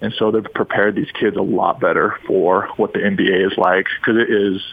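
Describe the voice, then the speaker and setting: A man's voice: low voice, fairly even intonation, moderate pace, vocal fry, breathy edge. Man talking over a tinny phone line. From Utah. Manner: rambling and enthusiastic, frequent restarts. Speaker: former pro basketball player, guest. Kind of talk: sports radio phone interview.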